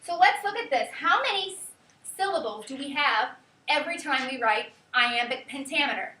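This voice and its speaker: Bright high-voiced woman teaching a class. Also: moderate pace. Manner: lively, quizzing students, counts out rhythms. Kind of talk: classroom lecture. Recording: echoey classroom from far off, faint hiss.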